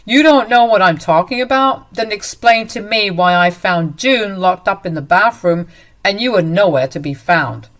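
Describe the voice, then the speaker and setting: A woman's voice: medium pitch, expressive, normal speed, lightly acted. A woman doing a stern, protective off-duty cop. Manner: firm, confrontational, accusing.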